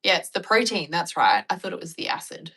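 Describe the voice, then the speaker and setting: A young Australian woman chatting casually and bluntly with her viewers, joking and acting out animated retellings. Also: fairly low pitch, a little fast, husky, low-quality recording. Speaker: vlogger. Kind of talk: casual chat reacting to viewer comments.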